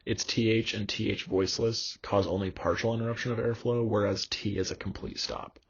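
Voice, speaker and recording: A young man lectures with a low, gravelly, husky voice, stopping and restarting often with plenty of ums. The recording is dull and lo-fi. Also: fairly even intonation. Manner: halting, many fillers and restarts.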